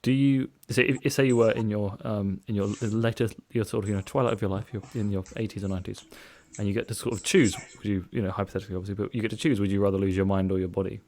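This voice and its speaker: A man's voice: lowish voice, fairly even intonation, rapid-fire, hardly any pauses, warm tone. A man in his twenties hosting a podcast, rambling and breaking off his own sentences in casual chat. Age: 20s. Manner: rambling, self-interrupting. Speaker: podcast host.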